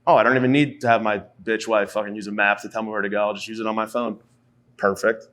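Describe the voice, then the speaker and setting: A man's voice: on the low side, level tone, quick pace, fairly bright tone. A man in his thirties delivering a rambling, profane, self-mocking comedy monologue as a podcast host. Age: 30s.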